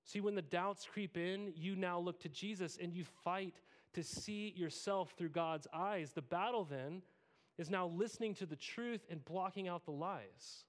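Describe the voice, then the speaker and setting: Animated conversational male pastor. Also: high voice, a little slow. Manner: conversational, self-deprecating, animated quoted asides. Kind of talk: sermon.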